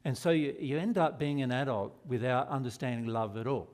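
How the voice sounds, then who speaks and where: A man's voice: mid-range voice, fairly quick, darkish tone. A man with an Australian accent giving a spiritual seminar, earnest and asking the audience rhetorical questions. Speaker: spiritual teacher.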